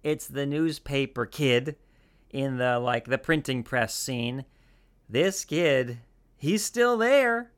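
A man's voice: mid-range voice, fairly even intonation, slow pace, clear, resonant tone. A man hosting a podcast, talking in a casual, rambling way with lots of restarts and asides. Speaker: podcast host.

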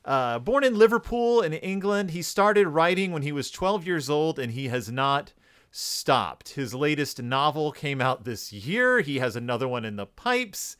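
Animated, jokey man hosting a podcast. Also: on the high side, smooth. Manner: animated, jokey, puts on quick voices for quotes. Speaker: podcast co-host. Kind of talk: casual book discussion.

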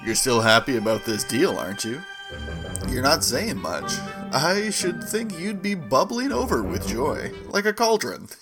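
A man's voice: medium pitch, very animated, a little slow. Guy doing a hammy husband, voice swings big, music under it. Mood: earnest. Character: earnest young husband. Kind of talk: comic dramatic reading.

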